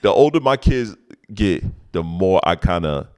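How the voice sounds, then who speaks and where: A man, co-hosting a casual chat and telling animated, laughing stories full of profanity. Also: deep voice, a little slow, clean tone, no echo, clean studio sound. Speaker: podcast co-host.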